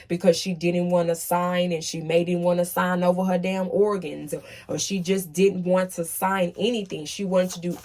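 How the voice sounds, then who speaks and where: A tarot reader with a fairly low, mellow voice gives a casual reading. She talks emphatically, repeats "okay?" after almost every point, and swears when she gets worked up.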